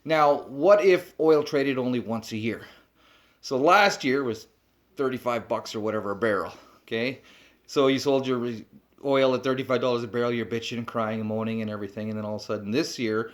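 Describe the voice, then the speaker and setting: A man holds forth to camera in a blunt, animated way, swearing freely. He tags his points with rhetorical questions and talks like an instructor who has said it all before. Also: mid-range voice, a little fast. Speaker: trapping instructor. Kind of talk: blunt off-the-cuff talk to camera.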